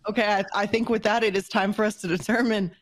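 A woman's voice: medium pitch, steady tone, quick pace, background noise. A woman hosting a podcast, unhurriedly steering the talk to the next segment. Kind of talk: casual podcast chat.

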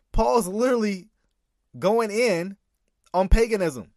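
A man's voice: sits high, expressive, slow, long pauses, a little mellow, dry recording, studio quality. A man commentating on a sermon clip, reading scripture and arguing back with emphatic repeats and laughter.

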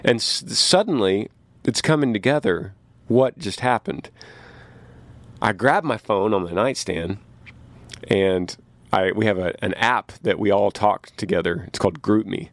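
A man who tours as a musician, telling a story in a casual podcast from his tour bus, getting animated as he recounts his confusion. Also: measured pace, gravelly, no echo. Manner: animated, rises in pitch when recounting confusion. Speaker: touring musician. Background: train passing.

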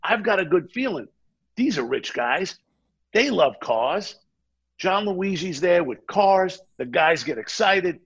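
Male guest with a raspy, fairly high voice, spinning a lively anecdote; muffled lo-fi recording. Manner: animated anecdote-telling, acts out quoted dialogue. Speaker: interview guest. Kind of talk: casual storytelling.

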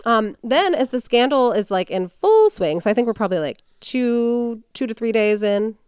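A woman's voice: on the high side, animated, normal speed, a little mellow, clean tone, no echo. A woman hosting a podcast, telling a story in casual chat and acting out quotes in character voices.

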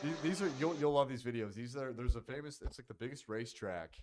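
A man's voice: medium pitch, lively intonation, fast talker, background noise. A young man co-hosting a podcast in casual chat, rambling and swearing as he reacts to car videos. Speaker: podcast co-host.

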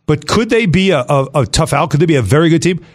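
Animated man hosting sports radio. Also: a little high, quick pace. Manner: animated, lots of fillers and restarts. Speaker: radio host.

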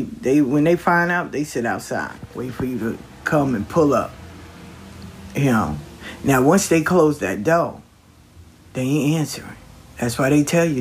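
A man's voice: medium pitch, husky. A man giving a casual, colloquial spiritual pep talk, reassuring the listener and repeating his phrases. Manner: colloquial, slangy. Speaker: motivational speaker.

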